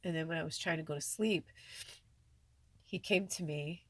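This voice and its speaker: A woman's voice: low-pitched, normal speed, no echo. A woman talking tearfully and rambling in a personal vlog, filling her speech with many "like"s. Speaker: spiritual vlogger.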